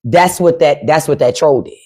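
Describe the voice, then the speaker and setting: A woman's voice: deep voice, moderate pace, dark tone, slightly rough. A woman hosting a livestream, ranting with sarcastic, profane commentary. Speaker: livestream host. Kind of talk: casual livestream rant.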